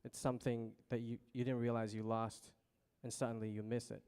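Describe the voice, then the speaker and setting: A man sharing an embodiment practice in a circle, halting and thoughtful with many fillers. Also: medium pitch, flat delivery, darkish tone, clean tone. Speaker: guest practitioner.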